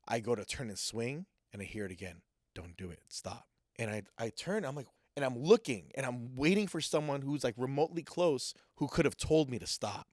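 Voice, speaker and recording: A man telling a personal story in a casual, animated way, acting out what people said. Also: medium pitch, no room sound, studio quality. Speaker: guest sharing a personal testimony.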